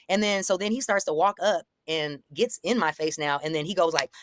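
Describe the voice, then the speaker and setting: A fairly low-voiced young woman telling a story in casual conversation. She jumps up in pitch when she acts out what was said. The recording is close and dry. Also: brisk, few pauses, dry recording. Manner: animated, acts out quoted lines in a higher voice. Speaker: guest recounting a confrontation.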